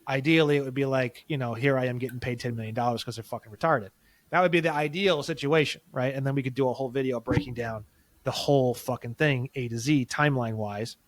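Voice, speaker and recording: A man's voice: medium pitch, fast. Profane, heated man telling a story. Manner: heated, indignant. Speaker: podcast guest. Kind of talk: casual podcast conversation.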